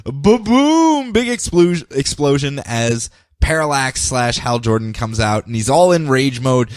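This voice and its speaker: A man's voice: medium pitch, a little slow, dry recording, studio quality. A man co-hosting a podcast, recapping comic books in casual chat and jumping into playful character voices. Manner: animated storyteller, jumps into goofy character voices. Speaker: podcast co-host.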